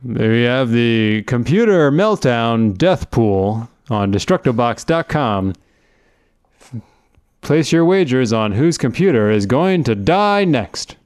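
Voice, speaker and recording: Lively joking podcast co-host, man. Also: mid-range voice, slow pace, clear, resonant tone, no room sound, studio quality. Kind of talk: casual swearing podcast chat.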